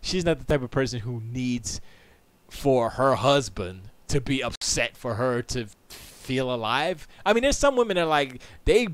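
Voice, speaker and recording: A man's voice: mid-range voice, lively intonation, a little slow, no echo. A man hosting a live stream from his home studio, chatting casually, rambling and interrupting himself, often laughing. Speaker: streamer and show host.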